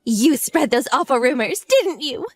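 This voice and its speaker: A woman plays a jealous, furious mistress in an audio drama, her high voice leaping wildly between shrieks and sobs. The sound is dry and close. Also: animated, unhurried, no room sound, heavily acted. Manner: shrieking, accusing, tearful.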